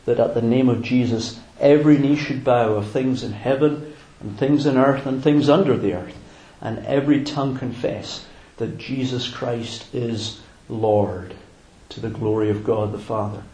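A man preaching a sermon in a measured, reflective way, pausing on fillers and restarting phrases. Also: mid-range voice, dark tone, roomy sound, low-quality recording.

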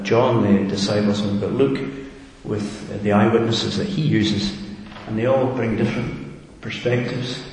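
A man with a fairly low voice preaches a reflective sermon and keeps asking his listeners questions. His voice rings out in a big hall with long reverb and a faint hiss underneath. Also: a little mellow.

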